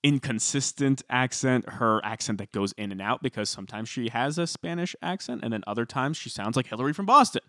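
A man co-hosting a podcast, chatting casually and telling stories with animated emphasis. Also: medium pitch, a little fast, few pauses, no room sound, studio quality. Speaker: podcast co-host.

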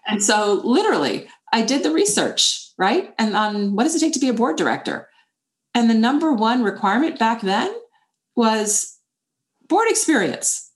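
A middle-aged woman author answers interview questions in an animated way. Her pitch rises and falls widely as she acts out her inner voices, and her tone stays at a mid height for a woman. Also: moderate pace. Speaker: author and former CEO.

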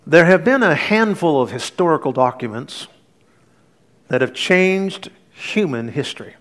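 A middle-aged male pastor preaching a sermon, telling stories with earnest warmth and light humor, then leading a prayer. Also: fairly high pitch, lively intonation, a little slow.

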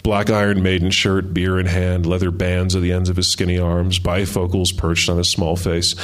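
A man reading a first-person story aloud in a measured, wry way. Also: sits low, completely flat delivery. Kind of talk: reading his fiction aloud.

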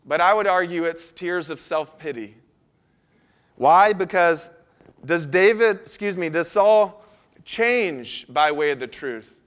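A man delivers a sermon in a noticeably high, light voice. He talks to the congregation in an earnest, conversational way, often stopping to put questions to them. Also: a little slow, fairly bright tone. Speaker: pastor.

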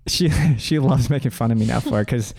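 A young man telling a story in casual chat, animated, acting out quotes and laughing often. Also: medium pitch, fairly quick, creaky, husky. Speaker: guest.

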